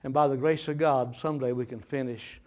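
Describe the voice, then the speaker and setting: A man preaching a sermon, telling a folksy story with laughter that turns hushed and grave, with audible gasps between phrases. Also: mid-range voice, steady tone, fairly quick. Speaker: pastor.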